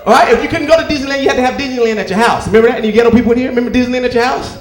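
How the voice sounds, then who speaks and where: A man performing a stand-up comedy set on a club stage, telling stories and acting out characters with loud outbursts. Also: very high-pitched, very fast, echoey room. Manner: animated storytelling, acts out characters with loud outbursts. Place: comedy club stage before a live audience.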